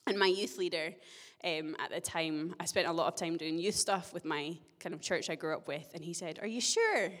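A young woman giving a sermon to her church, telling a personal story in a chatty, self-deprecating way with gentle humor. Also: low-pitched, fairly even intonation, a little fast. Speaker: church speaker. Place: church hall. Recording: long church-hall reverb.

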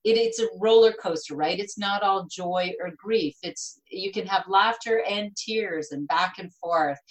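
A middle-aged woman, an author, chatting in a lively, storytelling way. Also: medium pitch, a little slow, rough recording. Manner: chatty, animated storytelling with laughs. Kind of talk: casual conversation.

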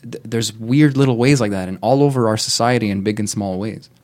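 A man's voice: lowish voice, brisk, darkish tone. Swearing, rambling podcast host, a man. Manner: rambling, laughing, swears often. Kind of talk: casual podcast chat.

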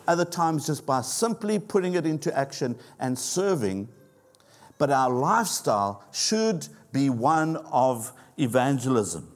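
A man's voice: on the high side, a little mellow. Earnest middle-aged male pastor preaching. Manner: earnest, halting delivery with fillers and repeated words. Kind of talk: sermon. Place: church.

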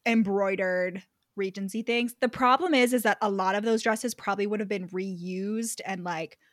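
A young woman co-hosting a casual book chat, animated and laughing often, breaking into loud excited bursts. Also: medium pitch, moderate pace, no room sound, studio quality. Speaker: podcast co-host.

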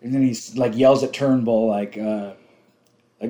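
A man's voice: on the low side, fairly even intonation, normal speed, mellow. A man co-hosting a casual movie commentary, rambling through stories, laughing often and swearing freely. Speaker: podcast co-host.

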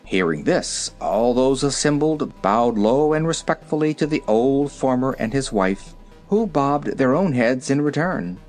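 A reader narrating a children's storybook in an expressive, varied way. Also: mid-range voice, unhurried, soft background music. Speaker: audiobook reader.

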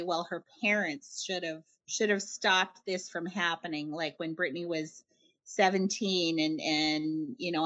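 A middle-aged woman from Canada, a writer being interviewed, talking in a chatty, animated way with frequent laughs and restarted phrases. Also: lowish voice. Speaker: guest, writer. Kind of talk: conversational interview answers.

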